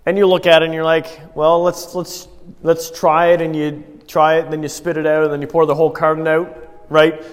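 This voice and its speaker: A man with a fairly high voice preaches in a casual, story-driven way, often turning to his listeners with a question. His voice carries a long reverb tail from a church hall. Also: level tone, brisk. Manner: conversational storytelling with rhetorical questions to the congregation. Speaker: pastor. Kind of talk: sermon.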